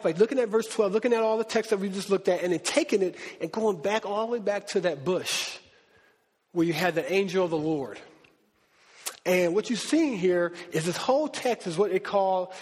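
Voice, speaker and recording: Male preacher, high and husky, lively casual Bible teaching, reverberant hall. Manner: animated, conversational, acts out quotes.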